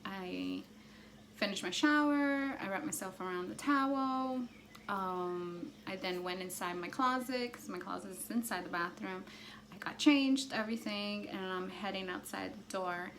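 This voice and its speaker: Woman, vlogger, personal storytelling, animated, excitable, says "like" a lot, average pitch. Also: unhurried, a little hiss or hum. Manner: animated, excitable, heavy use of "like".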